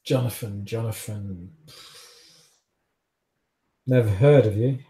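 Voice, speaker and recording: A man's voice: fairly low pitch, takes it slowly, mellow, roomy sound. A man voicing a weary, unimpressed male garage boss with a dry, offhand way of talking, in a roleplaying game. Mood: dismissive.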